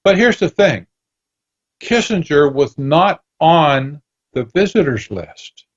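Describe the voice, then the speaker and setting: Slow-paced and fairly high-pitched, a man appears as a guest author on radio, bringing his stories to life by performing bits of dialogue. The recording lacks high frequencies.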